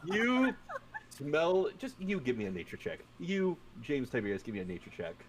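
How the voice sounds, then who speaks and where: A man narrates a tabletop game as game master, his pitch swinging widely as he laughs and swears his way through the scene. A faint hiss sits under his voice. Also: huge pitch swings, normal speed. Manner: profane, laughing, acts out players' lines in bursts.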